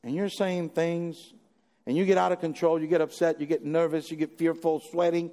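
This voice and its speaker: A man preaching a sermon, animated, using rhetorical questions and building to emphatic peaks. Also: a little high, moderate pace. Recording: long echoey hall reverb.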